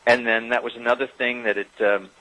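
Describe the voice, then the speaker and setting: A man interviewed about his acting career, telling stories in a hesitant, self-deprecating way with lots of pauses. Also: medium pitch, level tone, pushed and bright, rough recording. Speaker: actor recalling a career. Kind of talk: casual interview anecdote.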